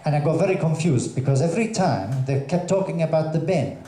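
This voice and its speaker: A man doing a stand-up comedy set on a theatre stage, telling jokes in a hesitant, halting way with many fillers. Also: fairly high pitch, animated, warm tone. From Russian parents, raised in Colombia. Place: theatre stage before a live audience. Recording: echoey theatre with audience ambience.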